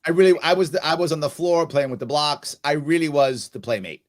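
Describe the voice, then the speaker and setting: A middle-aged man hosting a casual chat, telling parenting stories and acting out quoted lines with loud, animated swings. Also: fairly high pitch, brisk. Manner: animated storyteller, acts out quoted lines loudly. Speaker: host.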